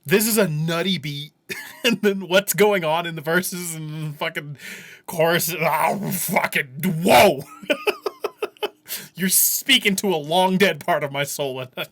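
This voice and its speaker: Man, music reaction commentary, swears and laughs a lot, slow speech, bright tone. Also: a little high. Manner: trails off and restarts when reflective. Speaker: music reaction video host.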